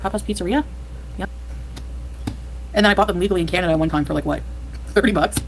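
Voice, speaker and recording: A woman hosting a casual livestream, chatting and reading out donations with excitable, squealing thanks. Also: on the low side, quick pace, a little hiss or hum. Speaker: livestream host.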